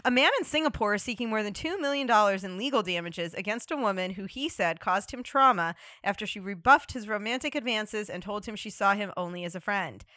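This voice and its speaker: Bright-voiced woman reading comedy news. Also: medium pitch, lively intonation, brisk, hardly any pauses, no echo, clean studio sound. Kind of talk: comedy news segment banter.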